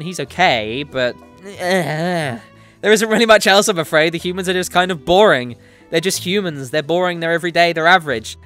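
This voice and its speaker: Guy with a bright voice ranting casually about game stuff, a bit high, faint music under him. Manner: opinionated, jokey, apologetic asides. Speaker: gaming commentary host. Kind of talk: casual solo opinion talk.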